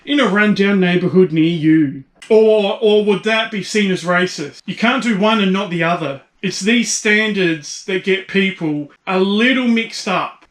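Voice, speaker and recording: A man's voice: high voice, a bit bright, echoey room. An Australian man delivering a blunt, profane and mocking comedic rant as a YouTube commentator.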